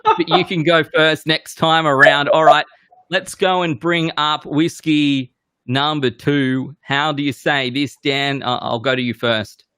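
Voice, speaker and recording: A man hosting a relaxed game show with a bright, forceful voice. He rambles and jokes at his own expense, and the sound is close and dry. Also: fairly high pitch, a little slow, clean tone, no room sound. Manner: self-deprecating, loose and rambling. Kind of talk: casual hosting banter.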